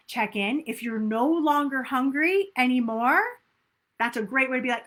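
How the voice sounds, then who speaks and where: Upbeat, bright-voiced woman coach. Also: sits high, a little slow. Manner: upbeat, emphatic, acts out inner self-talk. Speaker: weight loss coach. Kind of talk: motivational coaching talk.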